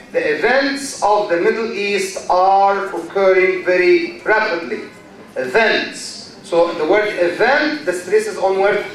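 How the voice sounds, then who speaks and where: A middle-aged Egyptian university lecturer speaks in a high, slightly bright voice as he teaches a class in a lecture hall. He repeats key words and quizzes his students, and the distant mic picks up the hall's echo.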